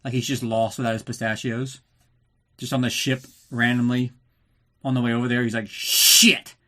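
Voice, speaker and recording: A man's voice: medium pitch, level tone, a little fast. A man hosting a podcast, recapping a film in a casual, sarcastic way, swearing often and acting out the characters in jokey voices. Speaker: podcast host.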